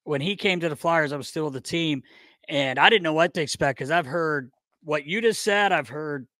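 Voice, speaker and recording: A man's voice: fairly high pitch, normal speed, sharp tone, no echo, studio quality. A man hosting a podcast in loose, profane casual chat. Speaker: podcast host.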